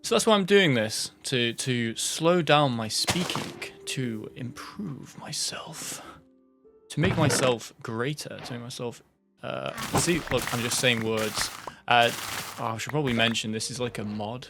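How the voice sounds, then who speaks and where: A man's voice: mid-range voice, unhurried, creaky, fairly bright tone, faint music behind. A man giving casual, rambling gameplay commentary, his words running together, full of fillers and swearing.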